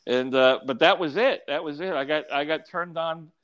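Man, guest, halting speech, repeats words, muffled lo-fi sound. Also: a little high, fairly bright tone. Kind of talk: casual conversation. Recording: dull lo-fi sound.

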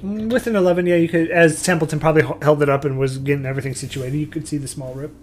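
A man's voice: on the high side, steady tone, rapid-fire, a little hiss or hum. Man narrating as game master. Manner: loose, rambling narration with restarts.

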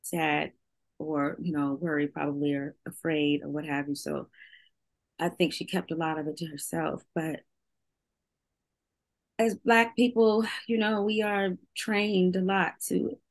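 A woman's voice: low-pitched, fairly even intonation, a little slow. A woman, a singer, talking candidly in an interview, open and emotional, laughing often as she speaks.

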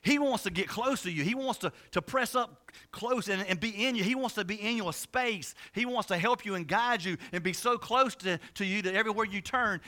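A male pastor preaching in a lively, conversational way, stumbling over words and tossing in asides to his congregation. His voice sits high for a man and has a bright, forceful edge. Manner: energetic, conversational, many restarts and asides. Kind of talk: sermon.

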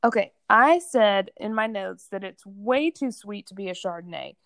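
A woman chatting casually as a co-host, full of "like" and quick laughs. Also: mid-range voice, animated, no room sound, studio quality. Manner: chatty, laughs often, lots of "like". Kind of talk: casual chat.

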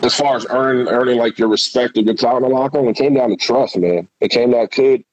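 A former pro football player, a man, tells loose, profane stories from his playing days in a casual interview. His voice is husky. The recording is dull and lo-fi, with a dry sound. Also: mid-range voice, fairly quick, darkish tone, no room sound. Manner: candid, profane, loose storytelling.

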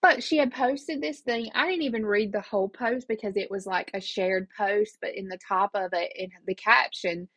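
A woman's voice: mid-range voice, normal speed, hardly any pauses, a bit bright, no room sound, poor audio. A middle-aged woman, talking casually and emotionally as a podcast host, rambling from one thought to the next. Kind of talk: casual personal talk.

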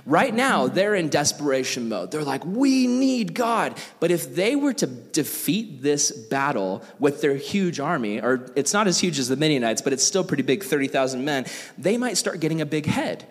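A man's voice: fairly high pitch, moderate pace. A young man giving a casual, jokey Bible lesson, acting out characters as he tells the story. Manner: animated, jokey, acts out quoted characters. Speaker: youth Bible teacher. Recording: echoey hall.

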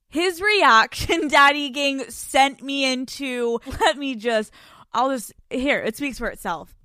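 A woman's voice: sits high, bright, forceful tone, no echo, studio quality. A young adult woman hosting a podcast, telling a candid personal story in a frank, profane way and laughing often. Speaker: podcast host.

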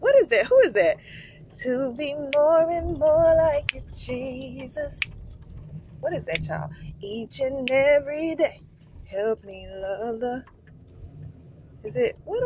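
A woman's voice: sits high, sing-song, a little slow, vocal fry, darkish tone. A woman hosting a faith podcast, speaking emotionally and repetitively, often calling out to her listeners. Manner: effusive, repeats herself, calls out to listeners. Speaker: podcast host. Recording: slightly dull podcast audio, faint room noise.

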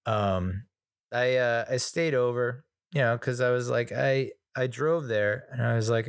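Gravelly American man rambling on his podcast. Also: mid-range voice, steady tone, slow pace, pauses often. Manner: chatty, self-mocking storyteller. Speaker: podcast host. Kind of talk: casual solo podcast monologue.

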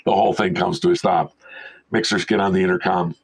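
A man's voice: sits low, a little fast, slight background noise, low-quality recording. An older man, a veteran film sound mixer, telling stories casually as an interview guest and animatedly acting out the people in them. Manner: animated storyteller who acts out quoted voices.

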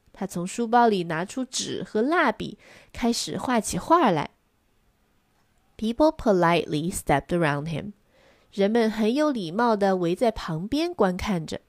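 Woman storyteller, animated bilingual read-aloud, dry close mic. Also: mid-range voice, no room sound. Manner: expressive, lively storybook reading. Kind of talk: bilingual children's story reading.

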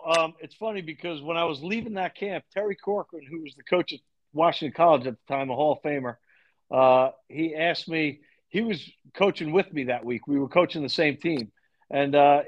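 A middle-aged man from Long Island tells long stories as a podcast guest, slipping into the voices of the people he quotes. His voice sits a little high for a man. The recording has a dull, lo-fi sound. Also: brisk. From Long Island, New York. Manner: animated storyteller, acts out quoted dialogue. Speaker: podcast guest, lacrosse coach. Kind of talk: storytelling in a podcast interview.

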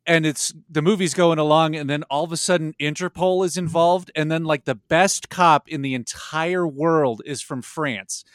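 A man's voice: fairly high pitch, fairly even intonation, moderate pace, hardly any pauses, smooth, no echo, studio quality. A man co-hosting a podcast in casual chat, joking with wry asides. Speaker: podcast co-host.

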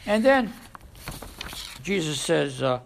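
Animated gravelly male preacher. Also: on the high side, slow, a little hiss or hum. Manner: animated preaching, with sudden loud rises and soft drops. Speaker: pastor, missionary preacher. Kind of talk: sermon.

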